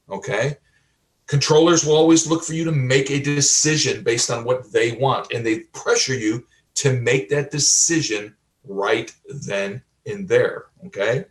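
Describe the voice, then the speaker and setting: A man teaching like a pastor, emphatic and repetitive, asking rhetorical questions and often adding "okay?", with frequent throat clearing. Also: medium pitch. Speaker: pastor and life coach. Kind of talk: teaching sermon. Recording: roomy, from a distance.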